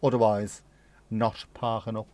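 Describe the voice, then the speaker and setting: A man with a lowish, slightly mellow voice hosts a casual livestream, speaking a little slowly with flat delivery and no room sound. He reads out viewer messages and rambles with jokes, swearing and British slang.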